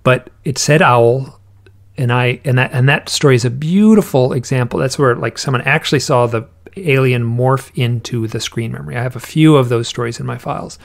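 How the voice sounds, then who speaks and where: A man with a gravelly, creaky voice talks loosely as an interview guest. He wanders through anecdotes, stops and restarts his sentences, and puts on little voices for the people he quotes. His pitch sits in an ordinary middle range. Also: a little fast. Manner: rambling, restarts often, acts out quoted voices. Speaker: podcast guest, author on owls and UFOs. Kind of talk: casual interview storytelling.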